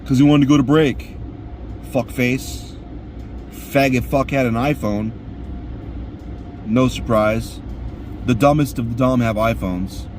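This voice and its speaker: A man's voice: medium pitch, measured pace, long pauses, a little mellow, slight background noise. A man ranting crudely and profanely while sitting in his car. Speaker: vlogger.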